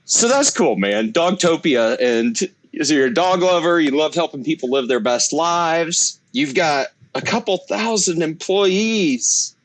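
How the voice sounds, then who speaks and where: A man hosting a podcast interview, relaxed and chummy, with lots of "like" and "man". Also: fairly high pitch, a little slow, few pauses. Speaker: podcast host.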